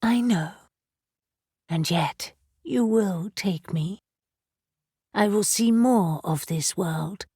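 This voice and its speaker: A woman voicing a breathy, hushed female tree spirit. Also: mid-range voice, dry recording, clean studio sound, full character voice. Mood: hushed, calm. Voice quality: soft, breathy. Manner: calm, hushed, slow. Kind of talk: audiobook character voice.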